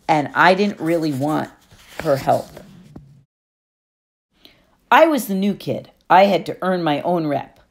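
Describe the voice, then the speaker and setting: Low-voiced woman reading an audiobook. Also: darkish tone. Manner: wry, storytelling. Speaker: audiobook narrator. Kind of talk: first-person audiobook narration.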